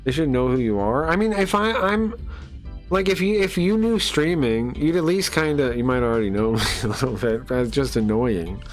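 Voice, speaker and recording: A man's voice: mid-range voice, expressive, normal speed, soft background music. A man live-streaming and ranting to his chat, incredulous and exasperated, with lots of fillers. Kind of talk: casual live-stream rant.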